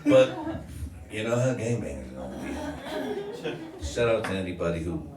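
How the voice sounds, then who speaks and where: A man's voice: sits low, very animated, normal speed. Rambling self-mocking man at an open mic. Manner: rambling, self-mocking, laughs at own jokes. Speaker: stand-up comedian. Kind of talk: stand-up comedy set. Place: small comedy open mic venue with audience. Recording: roomy sound from a distant mic, crowd noise. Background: audience laughter.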